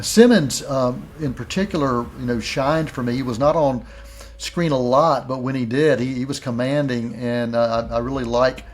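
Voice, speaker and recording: A middle-aged man hosting a film review show, speaking casually with frequent restarts. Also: mid-range voice. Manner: stammering restarts, conversational. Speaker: film critic host.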